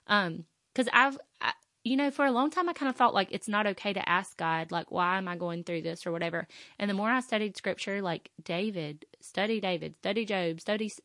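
A woman's voice: fairly low pitch, a bit bright, no echo, clean studio sound. A woman hosting a faith podcast, speaking earnestly from the heart with frequent fillers and restarts, and reading scripture aloud. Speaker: podcast host.

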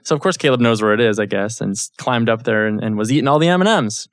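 A man's voice: medium pitch, animated, quick pace, hardly any pauses, no echo, clean studio sound. A man in his thirties giving a casual Bible teaching, telling a family story and often checking in with his listeners. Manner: conversational, storytelling, frequent check-ins with listeners.

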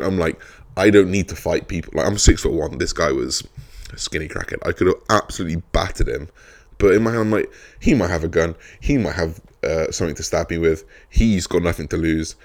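A young man, a fitness coach, talking casually and bluntly, swearing freely as he retells a story with animated energy. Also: low voice.

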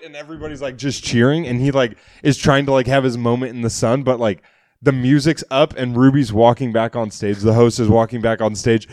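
A man's voice: mid-range voice, brisk, no echo, studio quality. A man, a comedian and podcast co-host, telling a story in casual chat, acting out quotes and swearing freely. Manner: animated storyteller, acts out quotes, swears a lot. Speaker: podcast co-host, stand-up comic.

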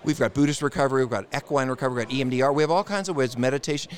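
A man's voice: mid-range voice, very fast. A man appearing as a therapist guest on a podcast, speaking with blunt, emphatic conviction. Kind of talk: casual interview.

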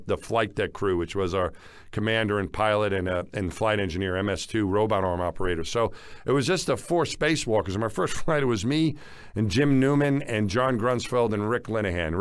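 A man, a former astronaut, telling an anecdote in casual chat and acting out quoted lines with excitement. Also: clean tone, dry recording. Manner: animated, acts out quoted dialogue with rising pitch. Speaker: former astronaut, podcast co-host.

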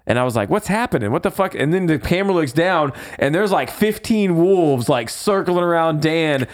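A man co-hosting a casual podcast, recapping a movie in animated storytelling and swearing freely. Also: on the high side, moderate pace. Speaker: podcast co-host.

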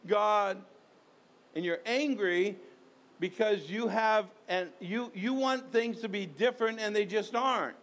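A man's voice: high voice, a little slow, fairly bright tone. A man, a pastor, preaching a conversational sermon, repeating himself and firing rhetorical questions at the congregation.

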